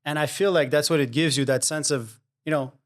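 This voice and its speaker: A man's voice: on the high side, fairly even intonation, a little fast. A man co-hosting a podcast, speaking reflectively and supportively in casual chat. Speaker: podcast co-host.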